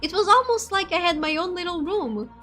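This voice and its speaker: This woman streamer, a first-language Portuguese speaker, has a very high, animated voice, pushed and bright, and talks fairly quickly over soft background music. She reads a visual novel aloud, switching to chatty, giggly asides with her viewers.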